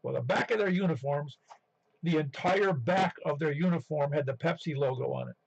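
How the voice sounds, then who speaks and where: This western New Yorker, from near Buffalo, speaks at normal speed in a high-leaning voice that's creaky with a breathy edge. Chatting casually on a ham radio net, he rambles through stories and keeps restarting, all in muffled radio audio.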